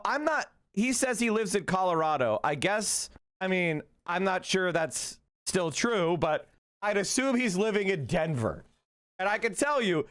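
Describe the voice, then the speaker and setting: A man with a high voice delivers political commentary on a live stream. He rants with heat, swears freely and yells insults, and he often trips over his words as he speeds up. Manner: heated, profane, ranting and yelling insults.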